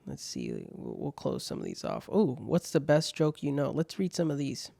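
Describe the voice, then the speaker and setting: A man's voice: medium pitch, huge pitch swings, normal speed, creaky, mellow, no room sound. A man hosting his own show, reading out viewer questions and jokes in laid-back casual chat, swearing freely.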